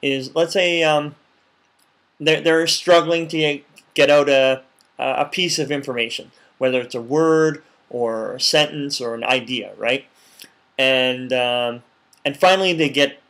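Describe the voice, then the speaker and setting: Brief: male vlogger, slightly high voice, playful, acts out dialogue. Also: moderate pace, a bit bright. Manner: repeats words and restarts often. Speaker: English teacher vlogger. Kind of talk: casual advice vlog.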